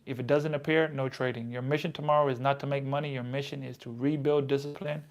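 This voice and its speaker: A man's voice: medium pitch, darkish tone. A man casually reading trading advice aloud and reacting to it in his own words, repeating lines for emphasis. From United States. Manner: reads text aloud then comments, emphatic repetition. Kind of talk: casual reflective self-talk.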